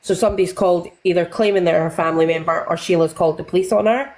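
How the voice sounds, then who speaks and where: A woman's voice: fairly low pitch, fairly even intonation, darkish tone, poor audio. A woman recapping online drama in a rambling, casual way, swearing freely and acting out what others said. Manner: acts out other people's lines in quick bursts. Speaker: livestream guest recapping drama.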